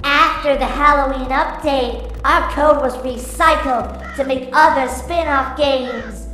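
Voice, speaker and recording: A theatrical, indignant animatronic chicken, high and sharp and slow, as a man puts it on, in an echoey room. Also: fairly even intonation, faint music behind, exaggerated voice.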